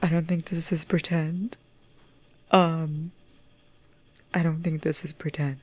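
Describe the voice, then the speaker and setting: A young woman chatting casually in a book vlog, excitable and profane, gushing about what she reads. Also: low voice, slow, a little hiss or hum. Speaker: book vlogger. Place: at home indoors.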